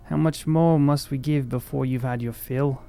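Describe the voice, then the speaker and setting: A man's voice: mid-range voice, steady tone, normal speed, creaky, mellow, soft background music, close to an everyday voice. A man voicing a bitter old village elder. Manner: grave, resentful, old-fashioned phrasing.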